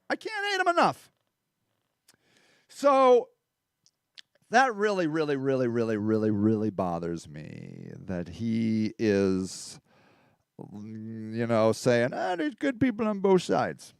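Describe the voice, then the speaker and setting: A man's voice: sits high, a bit bright, clean tone, no echo, clean studio sound. A middle-aged man hosting a casual political talk show, rambling and growing heated and emphatic as he rants. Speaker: livestream host.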